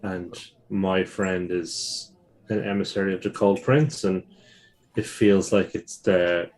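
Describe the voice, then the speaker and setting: A man with a lowish voice plays a tabletop game. He talks things through thoughtfully and turns polite when speaking in character. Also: fairly even intonation, slow, a little mellow. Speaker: player. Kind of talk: casual tabletop play.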